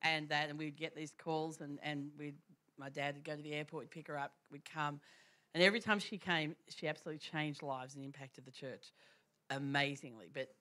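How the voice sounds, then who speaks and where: Bright-voiced woman telling a story. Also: low voice, fairly quick. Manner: animated, laughing often, many restarts. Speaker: church speaker. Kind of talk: storytelling testimony.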